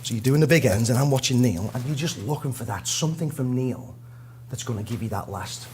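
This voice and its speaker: A man from Liverpool with a Liverpool accent, a guest drummer telling a lively, self-mocking story in an interview. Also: medium pitch, fairly quick, slight background noise. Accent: Liverpool English. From Liverpool, England.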